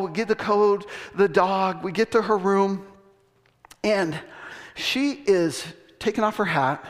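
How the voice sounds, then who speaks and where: Guy pastor telling a story in his sermon, goes up and down a lot, long reverb. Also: high-pitched. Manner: animated storyteller, acts out voices, laughs.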